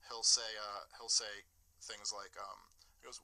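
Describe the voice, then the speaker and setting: Brief: chatty male podcast guest, bright tone, animated filler-heavy arguing. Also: lowish voice, a little slow, rough recording. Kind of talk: casual political chat.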